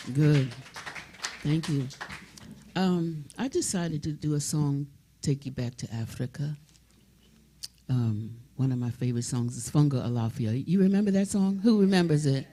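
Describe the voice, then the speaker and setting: An older woman leading a congregation in a call-and-response song, lively and chatty, coaxing everyone to join in. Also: low voice, moderate pace, pauses often. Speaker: song leader. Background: band music.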